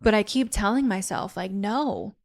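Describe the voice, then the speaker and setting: Young female podcast host, candid and chatty, mid-pitched, casual solo talk. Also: moderate pace, clear, resonant tone. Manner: candid and chatty, heavy use of "like".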